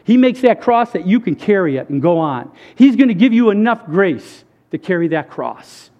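A man's voice: high voice, sing-song, normal speed, lo-fi sound. A man giving a conversational sermon testimony, earnest and emphatic, speaking straight to the crowd. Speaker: speaker sharing a faith testimony.

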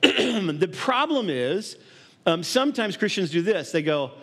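A man's voice: sits high, sing-song, unhurried, gravelly, fairly bright tone, slightly rough. A man preaching a sermon in a conversational way, acting out little scenes and laughing along the way. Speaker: pastor.

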